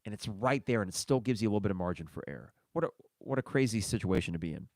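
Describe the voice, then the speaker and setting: Low-voiced man hosting a sports podcast. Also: animated, very fast, darkish tone, no room sound, studio quality. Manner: chatty, reads listener mail and reacts. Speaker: podcast host. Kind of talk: casual solo sports podcast.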